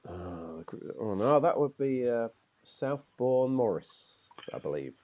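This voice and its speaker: A man performs a proud, fussy middle-aged male Morris dancer in an improvised role-play game. He rambles with strong opinions and drops the odd "aye," his pitch swinging widely. The voice is mid-pitched. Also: animated, a little slow, a little mellow, lo-fi sound, close to an everyday voice. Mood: boastful.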